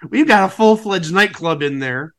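Lively high-voiced wry man. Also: moderate pace. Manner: wry, rambling asides with fillers. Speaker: podcast co-host. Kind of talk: casual comedic commentary.

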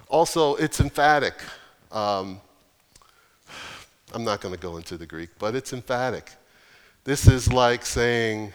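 A man's voice: mid-range voice, animated, clear, resonant tone. Man preaching in a reverberant hall. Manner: earnest, emphatic preaching with pauses. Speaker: pastor. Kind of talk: sermon.

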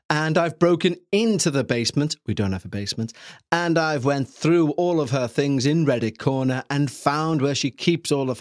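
A man's voice: medium pitch, no room sound, studio quality. A man hosting a podcast at home on his couch, reading a story aloud with jokey, rambling asides. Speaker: podcast host. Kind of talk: casual chat and story reading.

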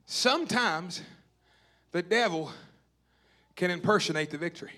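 A man's voice: high-pitched, expressive, a little slow, pushed and bright. A man from Tennessee, preaching a sermon with emphatic, repeated calls to the congregation. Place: church or camp meeting hall.

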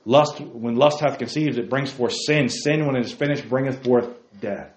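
A man preaches emphatically to a group of young men in a church room, repeating key phrases and calling listeners by name. His voice is medium-pitched at normal speed, in a roomy, dull lo-fi recording with faint noise.

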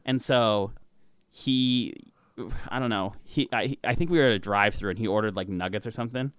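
A man with a lisp chatting casually and telling animated stories, cursing freely. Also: fairly low pitch, a little fast, clear, resonant tone, no room sound, studio quality. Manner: animated storyteller, swears casually. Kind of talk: casual chat.

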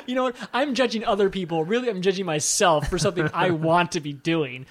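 A man chatting casually about a film, animated and prone to digressions and self-deprecating asides. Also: high-pitched, fairly quick, hardly any pauses.

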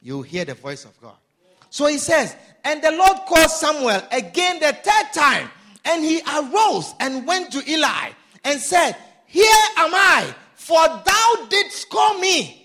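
A man preaching a sermon, shouting some lines and drawing others out slowly for emphasis. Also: extremely high pitch, creaky. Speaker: pastor.

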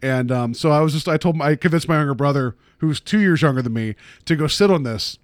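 A man's voice: on the high side, fast, no room sound, clean studio sound. Wry man in his thirties chatting. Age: 30s. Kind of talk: casual chat.

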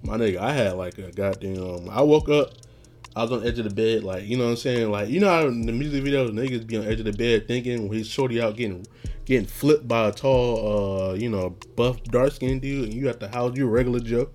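A man hosting a podcast, telling stories in a casual, rambling monologue, often laughing and getting loud and animated when retelling something that angered him. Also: medium pitch, a little fast. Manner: rambling, laughs often, frequent "you know what I'm saying".

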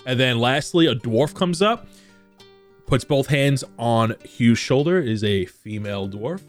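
A man's voice: mid-range voice, lively intonation, measured pace, faint music behind. A young man narrating as game master of a tabletop game, casual and descriptive. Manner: casual, descriptive, filler-heavy.

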